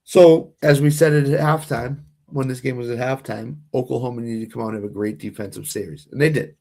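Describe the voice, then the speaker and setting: A man's voice: mid-range voice, fairly even intonation, a little fast, gravelly, dark tone. A man with a Boston accent, co-hosting a casual sports watch-along, opinionated and often restarting his sentences. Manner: opinionated, repeats and restarts phrases. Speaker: co-host.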